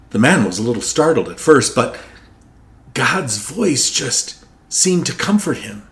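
A man's voice: mid-range voice, measured pace. A male Catholic priest reading the Gospel and preaching a Sunday homily in a conversational, candid way.

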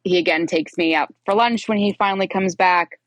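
A woman in her forties, a podcast guest, telling her own story in a candid, animated way and acting out the dialogue. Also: on the low side, fairly quick, no echo, muffled recording. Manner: animated, acts out quoted dialogue.

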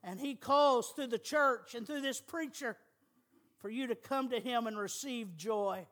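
A man's voice: extremely high pitch, fairly bright tone. A middle-aged man preaching a sermon as pastor, emphatic and folksy, with humor.

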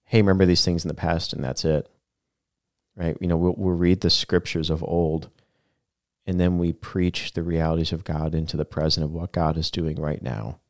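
A man's voice: deep voice, flat delivery, moderate pace, no echo, studio quality. A man who is a pastor, talking through a sermon in a casual, reflective podcast chat.

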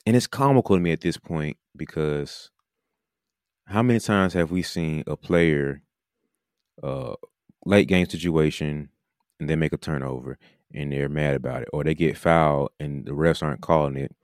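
A man's voice: rumbling low, moderate pace, a little mellow, no echo, studio quality. A man, a podcast host and coach, talking casually and animatedly, now and then mimicking coaches mid-sentence. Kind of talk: casual monologue.

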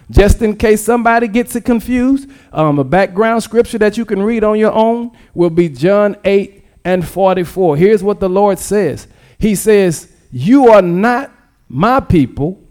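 A pastor preaching a sermon, calling for the congregation to repeat after him and repeating key phrases. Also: male voice, high voice, a little mellow.

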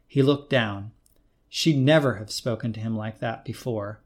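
A man hosting a short-story show, reading the narration in a calm, measured way. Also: mid-range voice. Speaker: narrator and host.

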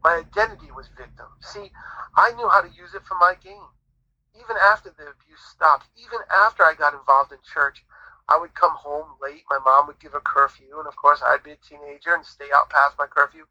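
A man's voice: a little high, lively intonation, a little fast, vocal fry, sharp tone, dry recording, lo-fi sound. Earnest man sharing his testimony. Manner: earnest preacherly storytelling. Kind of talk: conversational Christian testimony.

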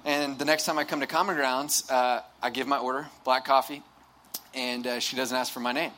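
A man's voice: medium pitch, steady tone, normal speed, sharp tone, slight background noise. A young man speaking to a live audience, telling a humorous, self-deprecating story in a sermon, with many restarts and asides. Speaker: campus ministry speaker.

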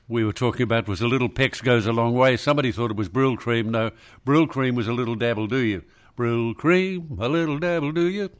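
A man hosting talk radio, blunt and dismissive with a dry manner. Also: mid-range voice. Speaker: radio host.

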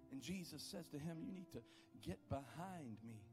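A man preaching a sermon, building to loud impassioned peaks and dropping to low, quiet questions. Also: expressive, normal speed, over music. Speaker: pastor.

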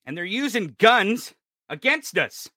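A male podcast host delivering an angry, profane political rant, often shouting. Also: sits high, big pitch swings, unhurried, no echo, clean studio sound.

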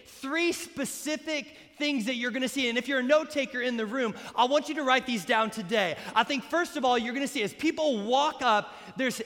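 A man pastor preaching an energetic, joking sermon at a baptism, sometimes bursting into shouts. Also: extremely high pitch. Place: church sanctuary during a baptism. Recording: echoey hall.

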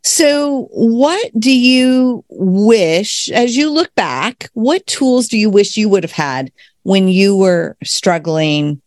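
A woman's voice: medium pitch, animated, slow pace, darkish tone, no echo, studio quality. A woman hosting a podcast interview in a casual, conversational way, affirming her guest and asking questions. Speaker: podcast host.

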